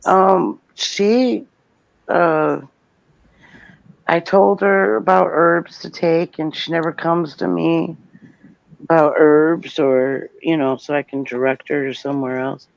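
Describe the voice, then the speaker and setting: Guy talking real slow with gravelly fry, kinda hesitant, dull dry sound. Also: on the high side, steady tone, no echo. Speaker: participant in a group chat. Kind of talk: casual chat.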